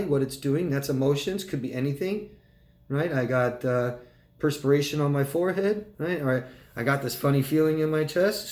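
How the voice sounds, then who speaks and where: A man working as a life coach, answering viewer questions live in a calm, conversational way. He keeps checking in with "right?" and "okay?". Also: mid-range voice, echoey room. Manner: calm and reassuring when advising.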